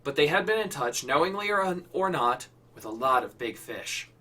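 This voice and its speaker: Casual storyteller reading his own story, swears a lot, bright husky voice, a bit off the mic. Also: medium pitch, expressive, normal speed, distant mic. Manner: swearing, self-deprecating, hesitant between lines.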